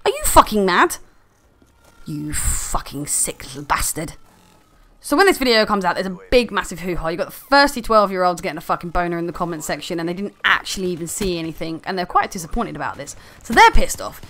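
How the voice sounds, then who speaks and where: A woman's voice: on the low side, lively intonation, quick pace, hardly any pauses, a bit bright. Swearing, sarcastic woman ranting. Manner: angry, sarcastic, heavy swearing. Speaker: video commentator. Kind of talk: profane ranting commentary.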